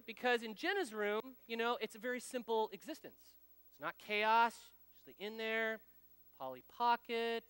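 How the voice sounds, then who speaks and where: A man's voice: high voice, bright, forceful tone, clear, resonant tone, no echo, long reverb tail. A man in his thirties or forties giving a folksy, conversational sermon full of personal stories, speaking straight to his audience. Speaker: speaker at a men's ministry gathering.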